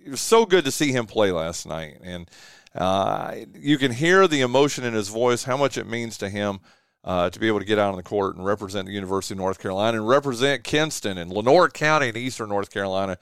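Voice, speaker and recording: A man hosting a local radio talk show, signing off in a relaxed, drawn-out way with plenty of "uh" and "man". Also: fairly low pitch, clear, resonant tone, no room sound, clean studio sound. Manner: easygoing, drawn-out with many "uh"s and "man"s. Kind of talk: casual radio sign-off and chat. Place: radio studio. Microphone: studio microphone.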